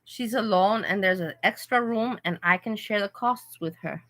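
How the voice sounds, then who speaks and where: Bright-voiced woman chatting on a livestream. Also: medium pitch, normal speed, low-quality recording. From Europe. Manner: animated, talks back to chat commenters. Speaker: livestream host reading chat. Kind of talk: casual livestream chat. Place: hotel room.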